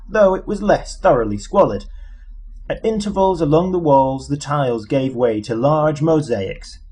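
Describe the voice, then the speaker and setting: A man reading an audiobook in a measured, dry storytelling manner. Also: mid-range voice, darkish tone, slightly rough. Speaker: audiobook reader. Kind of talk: audiobook narration.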